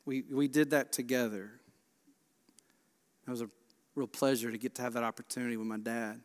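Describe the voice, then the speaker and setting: A Baptist pastor, preaching a sermon with passion, swinging from hushed to loud. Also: male voice, medium pitch, steady tone, brisk. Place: large church sanctuary. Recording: long church reverb.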